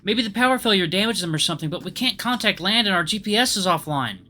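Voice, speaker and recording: A man's voice: sits high, expressive, fast, sharp tone, pitched above the performer's own voice. A man voicing an anxious young woman on a ship's crew, nervously explaining. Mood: worried.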